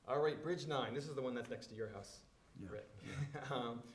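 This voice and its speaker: A man's voice: mid-range voice, moderate pace, reverberant. A man presenting engineering plans at a public meeting, explaining in a loose, filler-heavy way.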